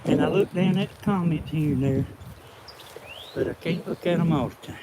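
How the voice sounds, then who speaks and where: Filming in an outdoor garden, this vlog cameraman and co-host from Georgia, USA, talks in a Southern accent with a slightly high voice at normal speed. He rambles and jokes in casual chat with his viewers, recorded on his handheld camera. Heavy background noise fills the clip.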